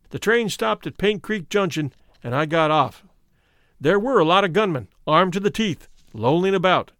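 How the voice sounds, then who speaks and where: A man giving a measured, somber first-person reading of a memoir. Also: high-pitched, expressive, fairly bright tone, no room sound, clean studio sound. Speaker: narrator.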